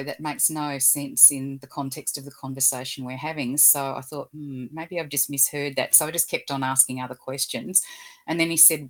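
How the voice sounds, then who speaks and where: A woman, an animal communicator, telling gentle, earnest stories in an interview and acting out the quotes. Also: rumbling low. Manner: gentle, earnest storyteller who acts out quotes. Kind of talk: storytelling interview chat.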